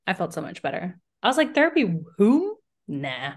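A woman's voice: sits low, big pitch swings, brisk. A woman co-hosting a podcast in casual chat, telling stories with lots of "like" and acted-out quotes. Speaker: podcast co-host.

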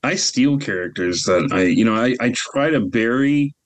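A man on a podcast, speaking haltingly as he searches for words in casual chat. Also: mid-range voice, animated. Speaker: podcast co-host and voice actor.

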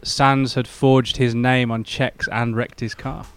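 Smooth-voiced man telling a story. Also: medium pitch, dry recording. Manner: relaxed, halting retelling with fillers. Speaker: podcast co-host telling the story. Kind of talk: casual storytelling chat.

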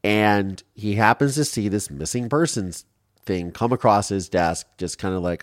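Low-voiced man telling his story. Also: normal speed, no echo, studio quality. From Ohio, USA. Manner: animated, acts out quotes, frequent restarts. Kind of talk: candid interview storytelling.

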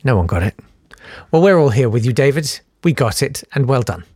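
A man hosting a casual podcast, animated and sardonic, often jumping into high mocking voices. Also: fairly quick, breathy edge, dry recording, studio quality. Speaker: podcast host. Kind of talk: casual solo podcast chat.

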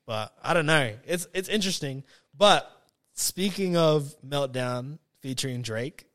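This podcast co-host's voice sits on the high side and sounds a bit bright, and his pace is slightly slow. In a casual chat, he rambles, restarting often and leaning on lots of fillers.

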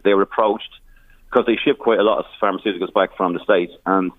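A man's voice: low voice, fairly even intonation, fairly quick, dry recording. An Irish man, a charity founder, telling stories in a radio interview with many restarts and some emotion. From Ireland. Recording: tinny phone line.

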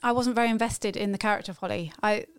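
A woman co-hosts a casual podcast conversation in an easygoing, thoughtful way. Her voice is smooth and clear, and the sound is dry and close. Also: mid-range voice, fast talker, no echo. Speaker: podcast co-host. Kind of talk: casual chat.

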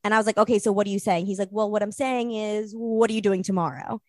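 A woman's voice: mid-range voice, fairly even intonation, fast, no echo, clean studio sound. A young woman, a podcast guest, telling a rambling story in casual chat and acting out the quotes.

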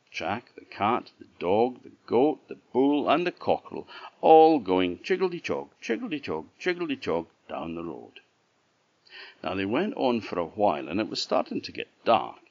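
A man with an Orcadian Scottish accent telling a traditional folk tale in an unhurried, sing-song way with repeated refrains. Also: low voice. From Orkney Islands, Scotland. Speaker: traditional storyteller. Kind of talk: oral folk-tale storytelling. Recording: dull lo-fi recording.

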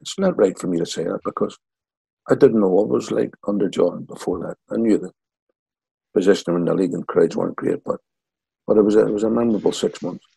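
Older Northern Irish man, guest storyteller, deep gravelly and husky, dry close sound. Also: quick pace, no echo, rough recording. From Northern Ireland. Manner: lively yarn-spinner acting out quotes. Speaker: guest, former footballer. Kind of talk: anecdotal storytelling.

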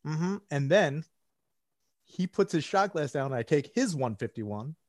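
A man's voice: fairly high pitch, sing-song, a little slow, a little mellow, dry recording, studio quality. Man telling a rambling bar story. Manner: rambling, profane, lots of "like" and acted-out quotes. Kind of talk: casual storytelling chat.

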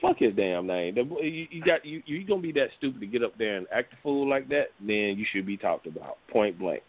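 A man's voice: on the low side, sing-song, fairly quick. A man co-host in casual panel talk, blunt, heated and profane. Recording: dry phone-like audio.

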